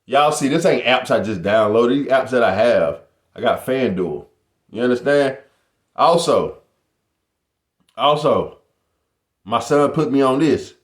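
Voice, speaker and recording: A middle-aged man talks straight to his viewers in a casual home vlog. His pitch swings widely as he boasts and hypes up his audience, and the room gives his voice a noticeable echo. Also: measured pace, long pauses. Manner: animated, boastful, addresses viewers as "y'all". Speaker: YouTuber.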